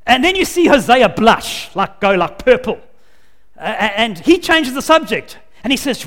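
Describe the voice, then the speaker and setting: A man's voice: very high-pitched, sing-song, moderate pace, a bit bright. A man preaching a sermon, telling a story with lots of repeated words. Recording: long hall reverb.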